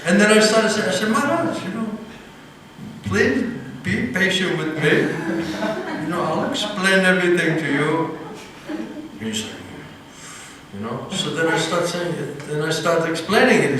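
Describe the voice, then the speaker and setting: A man, a monk, telling a story in an animated, laughing way during an evening class. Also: a little high, normal speed, slight background noise. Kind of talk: storytelling sermon. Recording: echoey hall, mic at a distance.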